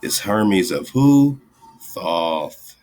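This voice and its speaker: This radio talk show host has a low-pitched, slightly mellow voice and speaks very slowly but expressively, with faint music behind him. Over a screen share, he wanders through esoteric ideas casually, tacking "right?" and "man" onto his lines.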